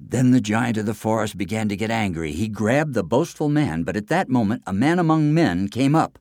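A man narrating a children's folk tale in an expressive storybook style. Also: lowish voice, normal speed, dry recording, studio quality. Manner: expressive, lively reading aloud.

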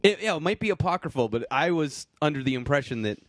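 Homem animado num podcast descontraído. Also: male voice, on the high side, lively intonation, fast talker, a bit bright, no echo, clean studio sound. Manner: laughs often, playful accent impressions. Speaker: podcast co-host. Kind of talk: casual chat.

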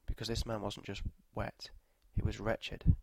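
A man narrating a scripted story in a measured, even delivery, with walking directions at the end. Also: fairly low pitch, vocal fry, dry recording, low-quality recording.

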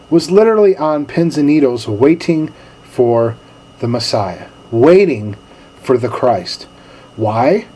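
A male pastor giving a sermon in a relaxed, storytelling manner with casual slang. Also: fairly high pitch.

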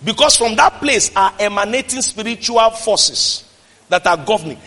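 Nigerian pastor, really high bright husky voice, shouting sermon in a big reverby church hall. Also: male voice, expressive, moderate pace. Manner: fiery preaching that swings from quiet to shouted declarations.

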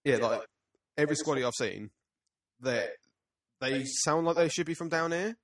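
A young man cohosting a casual podcast chat, rambling and halting, with casual swearing. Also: fairly high pitch, lively intonation. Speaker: podcast co-host.

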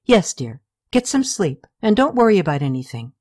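A woman voicing a middle-aged queen who is scheming but gentle, speaking calmly and with command. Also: on the low side, moderate pace, no echo, studio quality. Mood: soothing.

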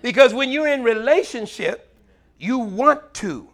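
Preaching as a pastor, a middle-aged man speaks a little slowly. He is animated, his voice rising to loud highs and dropping to soft, low murmurs.

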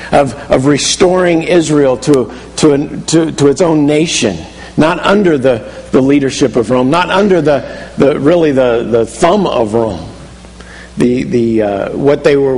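A man's voice: mid-range voice, a little slow, a little mellow. Preaching man in a reverberant hall. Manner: vivid second-person storytelling, frequent restarts. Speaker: pastor. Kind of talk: sermon.

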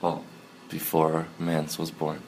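A man's voice: very deep voice, monotone, takes it slowly, a little mellow. A young man co-hosting a podcast in casual chat, hesitant with many ums and easy giggles. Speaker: podcast co-host.

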